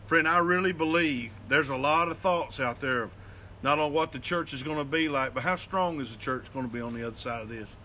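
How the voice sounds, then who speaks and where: Bright-voiced folksy preacher man. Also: fairly high pitch, brisk, a little hiss or hum. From Southern United States. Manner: earnest, folksy preaching with light laughs. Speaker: pastor. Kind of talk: devotional sermon.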